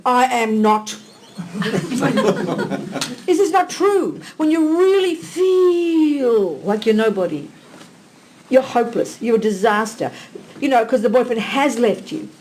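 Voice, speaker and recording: A woman giving a live question-and-answer Buddhist teaching to an audience in a hall. She talks in an animated, blunt, teasing way and fires off rhetorical questions. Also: sits high, a little hiss or hum.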